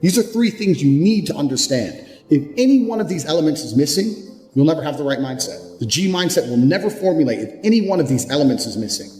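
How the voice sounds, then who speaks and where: A man giving a forceful motivational speech, blunt and profane, hammering each point with total conviction. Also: on the high side, animated, quick pace. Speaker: motivational speaker. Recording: reverberant hall with background music. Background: music.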